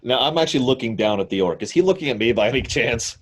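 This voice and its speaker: A man playing a tabletop game, talking in a playful, animated way and chuckling often. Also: mid-range voice, fast talker, breathy edge. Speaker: player.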